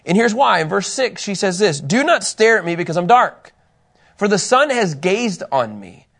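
Upbeat man with a higher voice teaching a Bible class and telling personal stories to the group. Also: normal speed. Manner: animated, chatty, often laughing at himself.

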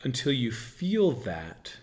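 A man's voice: medium pitch, wildly swooping pitch, slow pace. A man hosting an interview podcast from a dining room, talking casually and frankly, often checking in with "right?". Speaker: podcast host.

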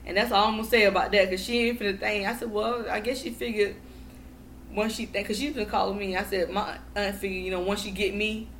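A woman guest in casual podcast chat, telling profane, animated stories and acting out what people said. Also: mid-range voice, brisk, a little hiss or hum. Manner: animated, profane storytelling with acted-out quotes.

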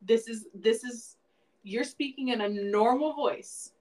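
A woman's voice: fairly high pitch, a little slow, a little mellow, rough recording. A woman co-hosting a casual podcast, talking animatedly, laughing often and swearing. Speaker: podcast co-host.

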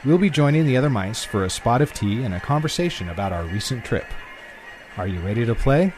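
A man reads his podcast script in an upbeat, announcer-like way. His pitch moves a lot as he speaks. Soft music plays under him. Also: sing-song, brisk. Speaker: podcast host.

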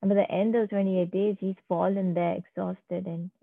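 A woman telling a devotional story in a slow, emphatic way, repeating key phrases. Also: mid-range voice, flat delivery, creaky, no echo. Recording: tinny phone-like, dry sound.

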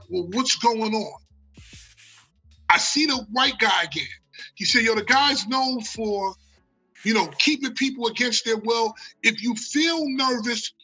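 An American man telling a long story in casual talk. He is animated and profane, and he acts out the quotes. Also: extremely high pitch, husky, poor audio. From United States. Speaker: guest storyteller.

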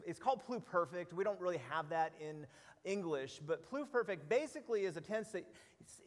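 A middle-aged man preaching a sermon with animated storytelling, often repeating words as he goes. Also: high-pitched, big-room sound. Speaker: pastor.

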